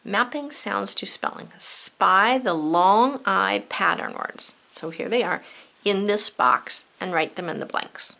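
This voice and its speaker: A woman teacher leading a children's spelling lesson, upbeat and playful, encouraging her pupils and sounding words out slowly. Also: mid-range voice, expressive, gravelly, sharp tone.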